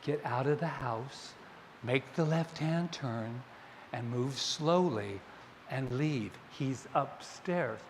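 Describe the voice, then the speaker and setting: A man voicing a soft, slow inner voice. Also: medium pitch, a little hiss or hum. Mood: calm. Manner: soft, slow, hushed instructions. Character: calm guiding inner voice of intuition. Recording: long hall reverb, faint ambience.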